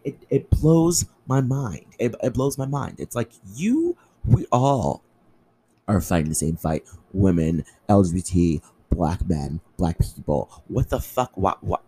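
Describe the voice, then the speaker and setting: A man's voice: low voice, husky, poor audio. A young man hosting a solo podcast, ranting in an impassioned, angry way with lots of swearing. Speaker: podcast host.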